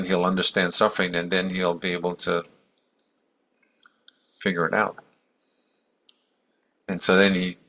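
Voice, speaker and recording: A man's voice: low voice, sharp tone, poor audio. A man giving a casual, rambling storytelling talk as a meditation teacher, with easy fillers and restarts.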